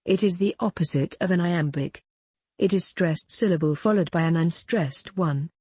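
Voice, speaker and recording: Literature teacher, lecture delivery, husky tone, dry close sound. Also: mid-range voice, moderate pace, a little mellow, no room sound. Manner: reads definitions, then restates them in plain words. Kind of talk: recorded lecture reading and explaining definitions.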